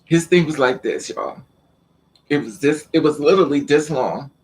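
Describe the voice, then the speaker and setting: A man with a slightly raised voice tells a personal story to the camera in a loose, casual vlog. He talks in an animated way, stumbles into repeats and acts out the other people's lines as he goes. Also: on the high side, moderate pace. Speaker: vlogger.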